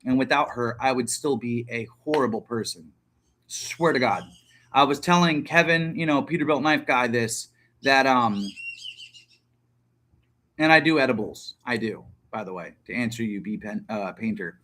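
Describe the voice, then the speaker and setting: Male host, 30s, casual stream talker, profane and rambling, bright voice. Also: mid-range voice, normal speed, slight background noise. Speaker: livestream host. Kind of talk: casual livestream chat.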